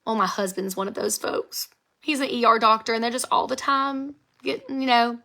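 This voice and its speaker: A fairly high, creaky voice, pushed and bright, belongs to an American author in her thirties whose voice was strained by an old vocal injury. At a normal speed she chats casually on a phone live stream, giggly and reading out what viewers write.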